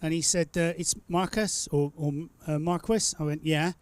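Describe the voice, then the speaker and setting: A man's voice: a little high, steady tone, moderate pace, clean tone, dry recording. A man hosting a live stream, chatting casually and telling rambling, teasing stories. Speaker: stream host. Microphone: studio mic.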